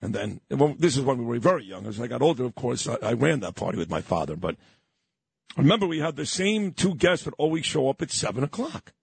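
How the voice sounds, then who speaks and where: A middle-aged man from Brooklyn, hosting a morning radio show and reminiscing in a sentimental, halting way. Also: medium pitch, very animated, creaky, husky, no room sound. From Brooklyn, New York. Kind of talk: radio talk show chat.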